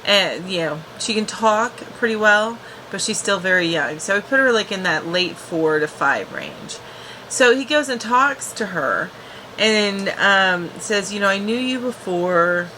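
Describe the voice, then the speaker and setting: A woman's voice: mid-range voice, sharp tone, a little hiss or hum, rough recording. A woman casually recapping a TV episode as a reviewer, chatty, with frequent restarts and fillers.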